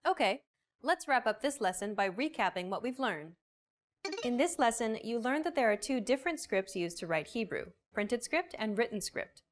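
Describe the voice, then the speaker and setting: A woman's voice: fairly high pitch, expressive, normal speed, soft background music. A woman hosting and narrating a scripted language lesson, explaining points and recapping. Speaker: lesson host.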